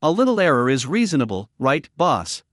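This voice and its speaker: A man reading a deadpan young repairman. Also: on the high side, a little fast, no echo, clean studio sound. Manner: matter-of-fact and modest.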